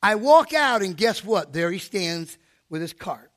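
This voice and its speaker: A male preacher with a very high, bright voice that swings widely up and down. He tells his story in an animated way, acting out his inner thoughts as he preaches to the congregation. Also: measured pace. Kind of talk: storytelling sermon.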